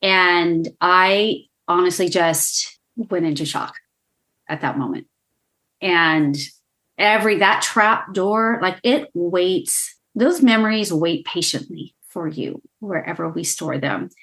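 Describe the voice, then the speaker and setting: A woman in her sixties speaks in a somewhat low voice as a podcast guest. She tells a painful personal story with tearful emotion. Her speech is halting, full of restarts and stutters. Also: fairly bright tone. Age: 60s.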